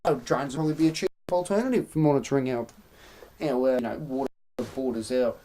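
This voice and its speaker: A woman's voice: sits low, moderate pace, pauses often, warm tone. An Australian woman hosting a live stream, rambling through opinions and answering her chat in casual commentary. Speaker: livestream host.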